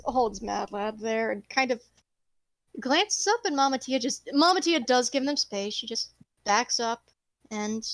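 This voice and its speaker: High-voiced woman game master. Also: dry recording. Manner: rambling, expressive, swears casually. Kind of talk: narrating a tabletop game.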